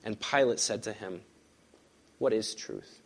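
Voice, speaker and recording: A male pastor preaching a sermon and reading scripture aloud, pressing hard on key words and then dropping to hushed, quiet lines. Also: fairly low pitch, measured pace, gravelly. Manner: emphatic, swings from loud stresses to hushed lines.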